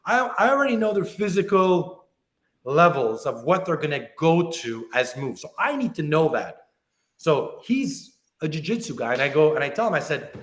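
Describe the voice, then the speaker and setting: A man's voice: fairly high pitch, normal speed, reverberant. A man working as a self-defense instructor, telling stories in an interview and acting out the dialogue in them. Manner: animated, acts out club stories with quoted dialogue. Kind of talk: interview storytelling.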